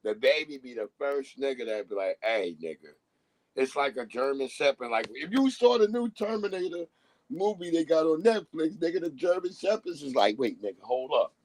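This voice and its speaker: A man's voice: a little high, animated, normal speed, a little mellow, poor audio. A man on a live stream, ranting bluntly in casual talk and acting out the voices of people he quotes. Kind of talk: casual profane rant.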